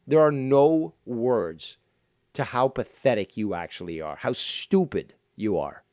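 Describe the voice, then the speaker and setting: A man's voice: medium pitch, animated, unhurried, a little mellow, no room sound, studio quality. Sneering, profane male stream host. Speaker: stream host reviewing clips. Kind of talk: mocking commentary over a clip.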